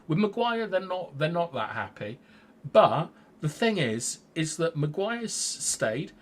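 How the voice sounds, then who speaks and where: A man's voice: on the high side, big pitch swings, slow pace. Opinionated rambling male co-host. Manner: opinionated, rambling, restarts sentences. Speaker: fan channel co-host. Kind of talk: casual opinion chat.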